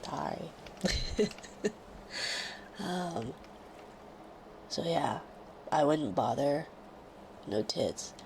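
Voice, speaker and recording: A woman chatting casually on her live stream while sick with a fever, often dropping into soft whispers. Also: low voice, lively intonation, creaky, a little hiss or hum. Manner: slow and soft, drifting into whispers. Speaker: livestreamer. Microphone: close studio microphone.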